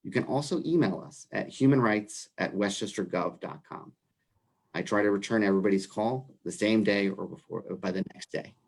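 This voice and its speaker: Casting: man with a New York accent, low voice, earnest commission director explaining at length. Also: normal speed, vocal fry. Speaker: human rights commission director. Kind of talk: livestream discussion.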